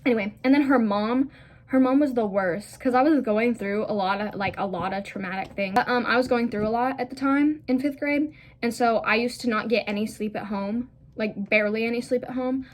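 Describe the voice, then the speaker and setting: A woman's voice: on the high side, steady tone, fairly quick. A young woman telling a casual storytime vlog, rambling with lots of "like" fillers and blunt, profane asides. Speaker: vlogger.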